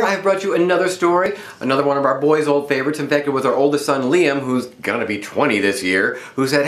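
A middle-aged man reading a picture book aloud to children, with an animated, friendly manner. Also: mid-range voice, a little fast, echoey room.

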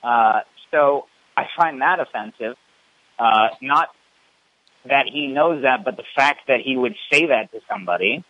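A man's voice: medium pitch, no echo. Indignant man complaining on a muffled line. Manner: indignant, halting, many fillers and restarts. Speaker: caller. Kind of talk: phone complaint.

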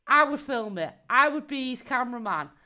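A woman's voice: high-pitched, expressive, moderate pace, pushed and bright. A woman, giving casual live-stream commentary in a mocking tone, laughing often and swearing freely.

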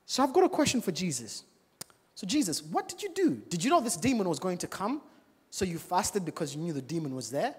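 A male preacher giving a church sermon, animated and full of rhetorical questions to the congregation. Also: sits high, a little fast, husky. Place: church service. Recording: long reverb of a large church hall.

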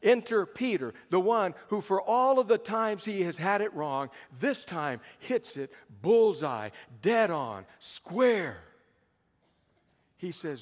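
A man's voice: high voice, sing-song, slow. A pastor in his fifties preaching a sermon at a conference, telling the story dramatically with emphatic repetition. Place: conference hall. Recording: long hall reverb.

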